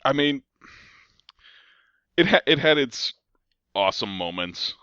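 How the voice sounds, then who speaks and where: A man's voice: mid-range voice, sing-song, takes it slowly, bright, forceful tone, smooth, no room sound. A man hosting a podcast, chatting casually about movies, laughing often and restarting his sentences. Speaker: podcast host. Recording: dull lo-fi sound.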